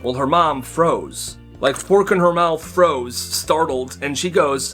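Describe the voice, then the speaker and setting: A man's voice: on the high side, lively intonation, takes it slowly, hardly any pauses, fairly bright tone. A young man telling stories casually in a chatty, sarcastic way, mocking the people in them. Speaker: storyteller. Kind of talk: casual storytime narration. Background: faint music.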